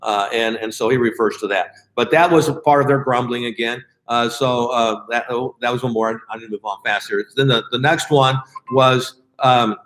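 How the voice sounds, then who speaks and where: A man leading a Bible study in a casual, conversational way, often pausing with fillers and restarting his sentences. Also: mid-range voice, a bit bright, echoey room.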